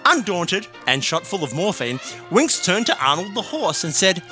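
Bright, animated deadpan comic storyteller man. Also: sits high, moderate pace, hardly any pauses, faint music behind. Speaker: comedy podcast co-host.

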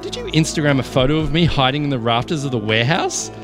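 A man's voice: medium pitch, huge pitch swings, fast, music in the background, voice pushed up. A man voicing an earnest, bumbling male spy who sounds flustered.

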